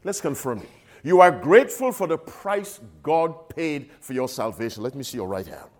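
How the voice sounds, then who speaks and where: A man preaching a sermon in an emphatic call-and-response style, swinging between loud appeals and soft asides. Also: medium pitch, very animated, moderate pace, faint music behind.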